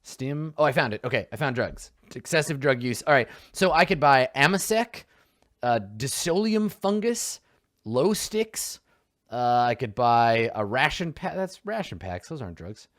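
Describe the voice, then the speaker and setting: Young male player, casual and rambling, expressive delivery, dry recording. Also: medium pitch, moderate pace, no echo. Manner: rambling, swearing, muttering to himself. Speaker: player in a tabletop game show. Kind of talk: casual chat while building a character.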